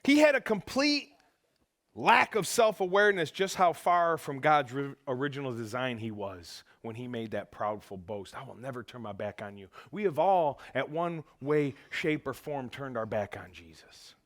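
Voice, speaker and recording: A man preaching a sermon in a church, animated, acting out quotes and swinging from loud bursts to hushed tones. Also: medium pitch, measured pace. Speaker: pastor. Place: church auditorium.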